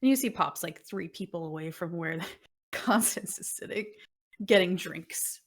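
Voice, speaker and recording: A woman narrating a tabletop game as game master, describing scenes in an unhurried way. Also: lowish voice.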